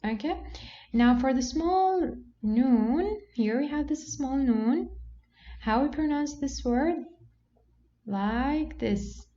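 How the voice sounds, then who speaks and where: A woman teaching a Quran reading lesson, patient and explanatory, who often says okay and slows down to model words. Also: high voice, expressive, dark tone. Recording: dull lo-fi sound with faint background noise.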